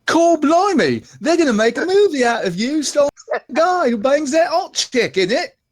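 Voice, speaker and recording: A screeching, sky-high falsetto caricature of a British character. The voice sits far above the man's own low register and carries a mock British accent. It shouts in an exaggerated, comic way and sounds strained and thin. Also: big pitch swings, moderate pace. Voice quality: squealing falsetto. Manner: over-the-top comic shouting. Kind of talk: comic impression on a live stream.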